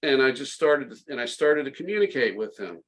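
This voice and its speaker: A man's voice: mid-range voice, animated, fairly quick, poor audio. A middle-aged man, a podcast guest, telling a story in a casual, tongue-in-cheek, sarcastic way, full of restarts.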